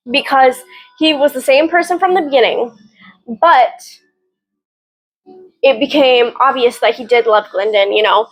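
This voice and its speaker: A woman's voice: fairly high pitch, rough recording. Gushing, rambling woman book reviewer. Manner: rambling and gushing, leans on "literally", swears casually. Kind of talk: casual chat.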